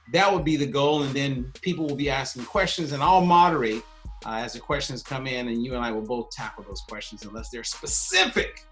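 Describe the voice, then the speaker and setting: A man's voice: medium pitch, a bit bright. A man hosting and moderating a conversation, giving long, rambling introductions in a friendly way. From United States. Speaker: host and moderator. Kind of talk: casual conversation.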